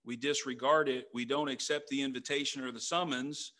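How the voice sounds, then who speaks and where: A man's voice: mid-range voice, fairly even intonation, a little fast, pushed and bright. A middle-aged man, a pastor, preaching a conversational sermon in a church, full of rhetorical questions. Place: church sanctuary.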